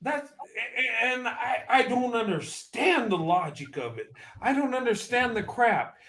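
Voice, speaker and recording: Man in his fifties, high-pitched voice, impassioned testimony, emphatic and repetitive. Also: lively intonation, measured pace, a bit bright. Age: 50s. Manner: emotional, emphatic, repeats himself.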